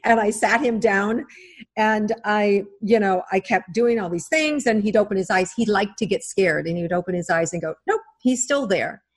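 A middle-aged woman speaks as a psychic-medium guest in a podcast interview. She talks at an ordinary mid pitch, guiding the listener gently and weaving in stories as she goes. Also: normal speed, slightly rough. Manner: gentle, coaching storyteller.

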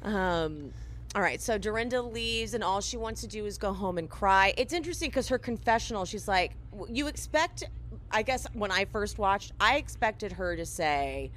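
A woman's voice: mid-range voice, animated, moderate pace, fairly bright tone, slight background noise. A woman casually recapping a reality show on a podcast, telling it as a story and acting out the quotes, with lots of "like". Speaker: podcast co-host.

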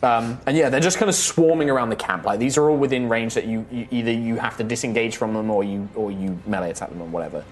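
A man running a tabletop game as game master, telling the action in an animated way with sound effects and frequent chuckles. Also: mid-range voice, quick pace, few pauses.

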